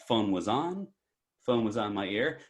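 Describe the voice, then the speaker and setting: A man co-hosting a podcast and telling stories in an animated, casual way. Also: on the low side, measured pace, crowd noise. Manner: animated, breaks into shouts and laughter while telling stories. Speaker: podcast co-host. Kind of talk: casual storytelling chat.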